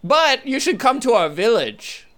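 A man voicing an excitable, earnest forest creature with no arms in a tabletop role-play. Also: very high-pitched, unhurried, heavily acted. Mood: friendly. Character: armless forest creature, eager and friendly.

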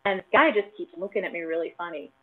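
A woman's voice: fairly low pitch, fast. A woman guest in a casual chat, telling self-deprecating stories with lots of giggling. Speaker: cosplay guest. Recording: tinny phone-like line.

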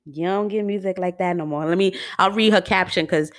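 Chatty woman, slangy and animated. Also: lowish voice, a little fast, no echo, clean studio sound. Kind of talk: casual monologue.

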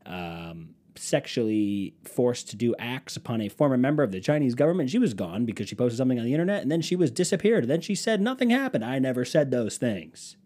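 A man putting on a slow, overly formal TV newscaster voice for a parody news segment. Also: medium pitch, sing-song, mellow. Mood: mock-serious. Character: mock male TV newscaster, self-important.

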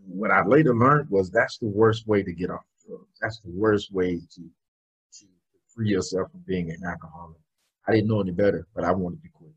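Guest interviewee: middle-aged man, motivational speaker, very raspy voice, fairly low, earnest storyteller. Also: normal speed, dull audio. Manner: emphatic, earnest storytelling with bursts of laughter.

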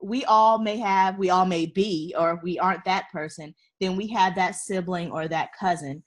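Animated woman telling a story, laughing often. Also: fairly low pitch, normal speed. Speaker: guest. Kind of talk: casual conversational storytelling.

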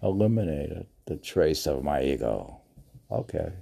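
A man's voice: extremely low pitch, sing-song, a little slow, creaky, warm tone. A man hosting a podcast, casually reading poetry aloud and mocking himself in a back-and-forth with his own questions. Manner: self-mocking, argues with himself in question and answer. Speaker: podcast host.

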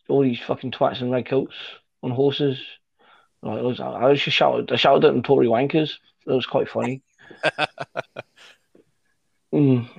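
A man's voice: medium pitch, gravelly, husky. A man telling a rambling, sweary anecdote in casual chat with friends, full of fillers and restarts. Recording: dull lo-fi recording.

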